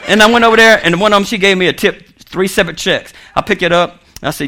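A man's voice: high-pitched, fast talker. A man preaching, telling funny stories with laughter and acting out the voices of people in them, then praying. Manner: animated, laughing, acts out voices in his stories. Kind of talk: storytelling sermon.

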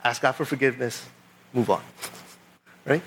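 A man preaching as pastor, telling a personal story in a casual, animated way and reading scripture aloud. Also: mid-range voice. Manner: casual storytelling, animated retelling of a traffic stop; reads scripture aloud in a measured voice. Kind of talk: sermon.

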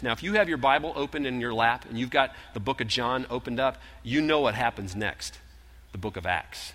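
A man preaching a sermon, retelling scripture in animated storytelling style and acting out the voices. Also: medium pitch, fairly quick. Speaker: pastor. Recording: long hall reverb.

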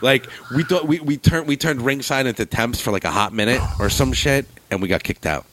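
Talking a little fast, this northern New Jersey man spins a rambling, foul-mouthed story in casual conversation, jumping high and loud whenever he imitates other people. The audio has no room sound.

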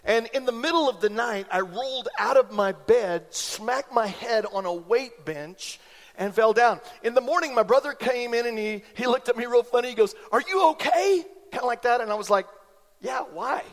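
A man in his forties preaching a sermon in church, an animated storyteller who acts out the voices in his anecdotes. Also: very high voice, normal speed, in a large hall. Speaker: pastor. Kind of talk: sermon with personal stories. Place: church sanctuary.

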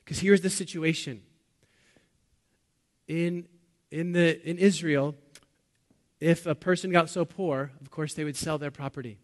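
A man preaching a sermon to his congregation, asking them questions and swinging between loud bursts and quiet, low lines. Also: steady tone, unhurried, pauses often. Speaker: pastor.

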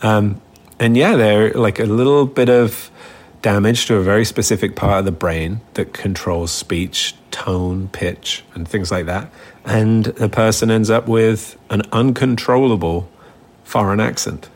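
A man co-hosting a relaxed chat podcast, with a voice sitting somewhat low for a man. He chuckles often and talks through odd facts in an easy, explanatory way. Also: unhurried, breathy edge. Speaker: podcast co-host. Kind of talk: casual chat.

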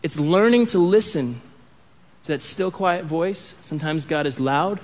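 A man with a notably high voice preaching a sermon. He speaks expressively and drops to a hushed tone on key points. He acts out the dialogue when he reads scripture. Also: lively intonation, unhurried. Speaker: pastor.

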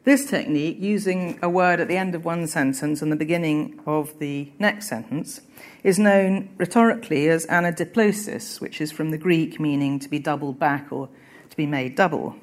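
Low-voiced woman teaching literature. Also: normal speed. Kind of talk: reading aloud and literary analysis lesson.

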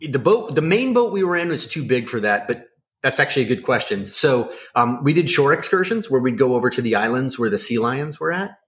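A man co-hosting a podcast, telling a story in a casual, excitable, rambling way with lots of fillers. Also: mid-range voice, fairly quick. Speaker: podcast co-host.

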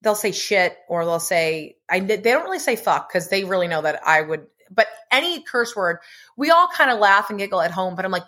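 A woman's voice: mid-range voice, lively intonation, brisk, pushed and bright. A woman in her thirties co-hosting a podcast, talking frankly and casually about parenting. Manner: agreeable, frank, swears casually. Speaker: podcast co-host. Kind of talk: casual chat.

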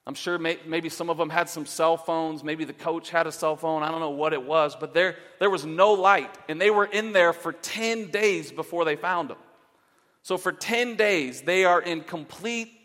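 Male pastor, earnest sermon delivery that drops from emphatic to hushed; higher voice in a reverberant sanctuary. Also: moderate pace. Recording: long reverb of a large hall.

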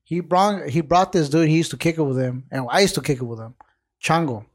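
Man, late twenties, podcast host, casual storytelling, heavy swearing and slang, slightly high voice. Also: a little fast. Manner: profane, animated street slang storytelling.

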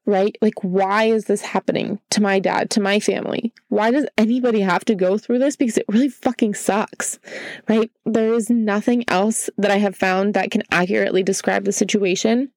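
A woman's voice: mid-range voice, fairly even intonation, moderate pace, darkish tone, no echo. A young woman hosting a candid solo podcast, emotional and earnest, holding back tears. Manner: emotional, earnest, repeats "right?". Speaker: podcast host.

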